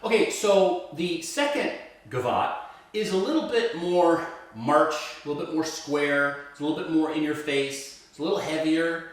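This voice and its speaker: A man's voice: a little high, expressive, moderate pace. A male violin teacher walking through a piece step by step, explaining patiently and checking in with a frequent "right?". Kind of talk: step-by-step music lesson. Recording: roomy echo, mic set at a distance.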